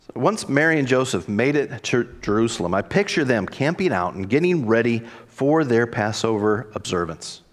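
A man's voice: mid-range voice, expressive, moderate pace. A man, a pastor, delivering a reflective sermon and voicing quoted dialogue expressively.

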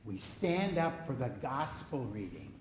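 A man serving as pastor, reading the gospel and then giving a lively children's message in church, coaxing the kids to cheer and repeat after him. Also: medium pitch, a little hiss or hum. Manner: slow, animated, coaxing children to join in. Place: church sanctuary.

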